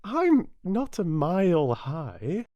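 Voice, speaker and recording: A man with a British accent voicing a sharp-witted, stubborn young girl in a high, clipped voice for an audiobook. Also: wildly swooping pitch, slow pace, dry recording, highs cut off, exaggerated voice. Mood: indignant. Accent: British English. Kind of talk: audiobook character voice.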